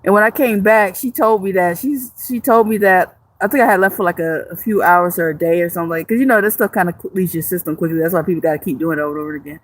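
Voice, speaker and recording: With hardly any pauses, a woman with a lowish voice talks at a quick pace on her livestream, casually chatting and reading viewer comments. She jokes, curses freely, and rambles, frequently starting over.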